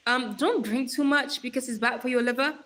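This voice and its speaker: A woman livestreamer chatting casually, animated and laughing often as she teases and advises her viewers. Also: high voice, a little fast. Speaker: livestreamer reading chat.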